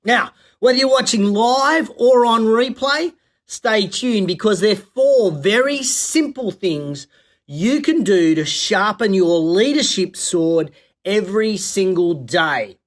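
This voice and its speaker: A man's voice: high voice, animated, slow. Upbeat Australian man hosting live. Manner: upbeat, chatty, coach-like delivery with folksy slang. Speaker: host of a weekly live business show. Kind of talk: live-streamed solo talk greeting viewers.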